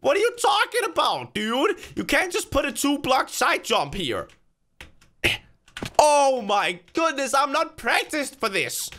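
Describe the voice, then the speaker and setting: A gaming video creator does casual let's-play commentary, narrating his session loosely and chattily while talking to himself. His very high-pitched voice is bright and forward, moves at a measured pace, and swings widely up and down. He's excitable, cheers himself on, and now and then erupts into sudden loud yelps of frustration or triumph.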